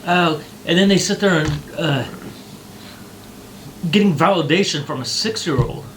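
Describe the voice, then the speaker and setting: A man's voice: a little high, normal speed, a bit bright, a little hiss or hum, low-quality recording. A man co-hosting a casual talk show, ranting heatedly and swearing often. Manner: profane, heated ranting with mocking put-on voices. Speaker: podcast co-host.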